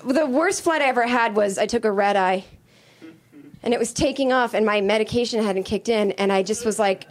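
A woman comedian from Boston, telling stories in an interview with lively comic timing and acted-out quotes. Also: brisk. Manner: animated, comic, acts out quotes in high voices. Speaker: comedian guest. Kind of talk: storytelling interview.

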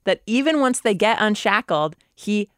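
A woman co-hosting a podcast, recapping a TV episode in casual, animated chat. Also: medium pitch, moderate pace, clean tone, no room sound, clean studio sound. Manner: animated, amused storytelling. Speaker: podcast co-host.

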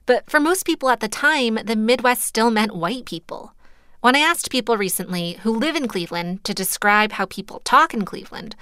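Crisp, bright woman narrating a radio story. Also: fairly high pitch, lively intonation, normal speed, dry recording. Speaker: radio reporter. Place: studio booth.

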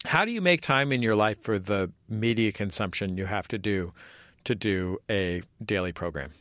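A man's voice: on the low side, a bit bright, no room sound, studio quality. A man from San Francisco interviewing a guest with wry, playful questions. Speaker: podcast interviewer.

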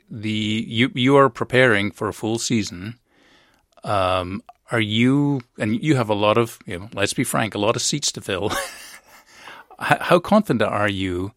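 A man with a somewhat low voice hosts a live call-in radio show. He asks his guests questions haltingly, restarting his sentences, and the dry studio sound keeps his voice close and plain. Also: fairly bright tone, dry recording. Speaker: radio talk show host.

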